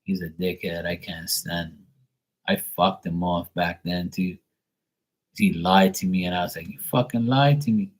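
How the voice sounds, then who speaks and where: A man with a somewhat low voice telling a personal story in a casual, rambling way. He swears freely and gets animated. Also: unhurried. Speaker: tarot reader, show host.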